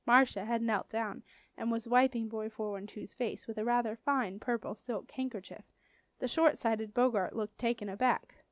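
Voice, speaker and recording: Woman audiobook narrator, steady and clear, slightly high voice, dry close recording. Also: moderate pace, no echo. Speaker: audiobook reader.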